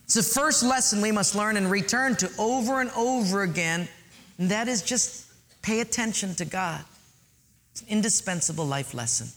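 A pastor preaches an earnest sermon, urging listeners to underline and write things in their notes. His voice is high and fairly bright, delivered at normal speed.

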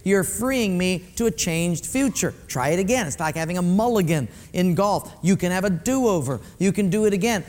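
A man's voice: high-pitched, expressive, normal speed, hardly any pauses, a little mellow. A male pastor preaching a sermon in a conversational way, speaking directly to his congregation in a church sanctuary. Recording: echoey hall.

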